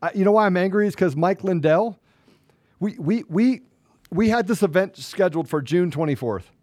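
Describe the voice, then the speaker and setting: A man co-hosting a political talk show, angry and emphatic, swinging between loud outbursts and low muttering. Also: expressive, normal speed, no echo, studio quality. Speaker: podcast co-host.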